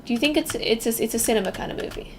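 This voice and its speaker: Speaking rapid-fire in a fairly high pitch, this young woman from Melbourne has an Australian accent. She's streaming a game and talking casually to viewers, reacting aloud and poking fun at herself, with background noise behind her.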